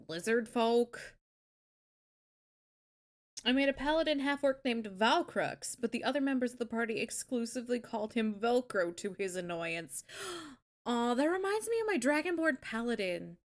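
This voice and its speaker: A woman's voice: on the high side, lively intonation, unhurried. Chatty, foul-mouthed young woman streamer. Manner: chatty, swears freely, reacts with gasps and laughs. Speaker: streamer host. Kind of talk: casual live-stream chat.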